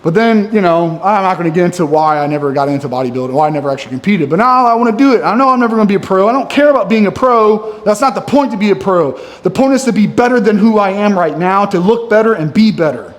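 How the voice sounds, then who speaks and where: A man's voice: high voice, lively intonation, fast talker, hardly any pauses. A man in his thirties venting in a ranting, self-critical monologue for his fitness vlog, wired on coffee. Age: 30s. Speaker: fitness vlogger. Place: gym.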